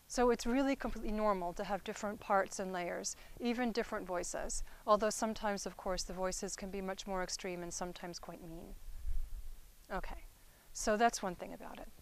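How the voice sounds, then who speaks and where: A woman therapist explaining inner-child healing work in a conversational teaching style. She checks in with her listeners as she goes and often softens into gentle, quiet phrasing. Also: medium pitch, low-quality recording. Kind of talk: instructional talk.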